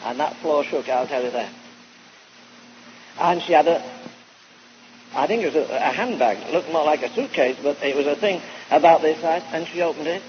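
A male preacher telling an animated, folksy story in a sermon, heard on a dull old recording. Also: on the high side, normal speed, long pauses, a little hiss or hum. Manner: animated, folksy anecdotal delivery.

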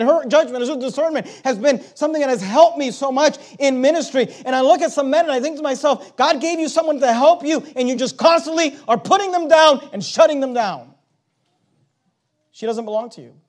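A middle-aged male pastor delivers his sermon in a strikingly high voice. He drops to soft, confiding tones and then rises into loud, emphatic preaching.

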